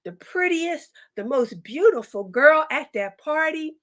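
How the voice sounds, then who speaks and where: A vain young milkmaid girl, dreamy and boastful, lost in her own daydreams, as a woman storyteller puts her on. The voice sits high and unhurried, drawing out each word as she imagines herself at the party. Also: expressive.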